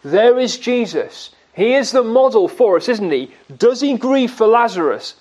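High-voiced man preaching a sermon. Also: animated, a little mellow, lo-fi sound. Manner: asks questions and answers them himself; slow, emphatic delivery on key words.

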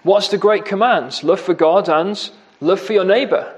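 A man's voice: high-pitched, moderate pace. A man preaching a sermon, grave and emphatic, repeating key words for weight.

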